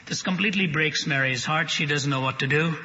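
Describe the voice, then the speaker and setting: A man's voice: on the high side, a little fast, sharp tone. A man preaching to an audience, telling a story with dramatic, humorous flair. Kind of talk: sermon storytelling. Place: large hall with audience. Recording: dull broadcast with long hall reverb.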